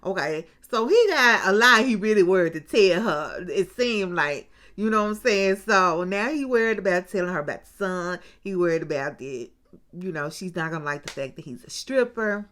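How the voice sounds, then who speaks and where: A woman hosts a casual reality TV recap, acting out what people said and frequently turning to viewers with asides as a chatty storyteller. Her voice is lowish, animated, and fairly bright, at a moderate pace.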